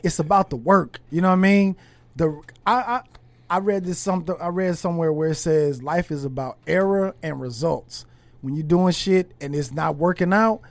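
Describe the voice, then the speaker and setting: A man's voice: on the high side, dry recording. A man hosting a podcast who speaks casually and reflectively, often restarting his sentences. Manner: reflective, halting, with many restarts. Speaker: podcast host. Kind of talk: casual conversation.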